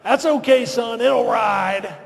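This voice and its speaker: A man's voice: extremely high pitch, gravelly, slight background noise, full character voice. A man putting on a teasing, commanding voice for a folksy middle-aged male president, heard in a reverberant hall. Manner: brisk, commanding and jokey.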